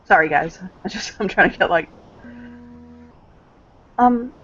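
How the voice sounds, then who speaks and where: A young woman narrating her part in a tabletop game in a halting way, with lots of fillers and frequent laughs. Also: lowish voice, animated. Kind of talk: casual role-play narration. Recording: dull lo-fi recording.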